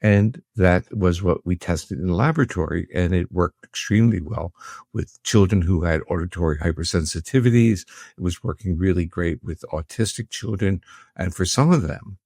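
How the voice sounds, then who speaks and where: Low-voiced older man explaining research. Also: darkish tone, no room sound, studio quality. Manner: measured, academic explaining. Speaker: guest, researcher. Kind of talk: explanatory interview talk.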